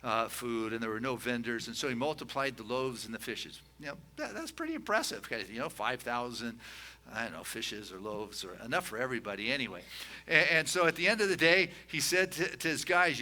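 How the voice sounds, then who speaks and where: A man giving a conversational sermon as a minister, telling a story in a folksy way with many "you know" asides and slowing down on his key points. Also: mid-range voice, animated, sharp tone. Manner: slows and rises on key points.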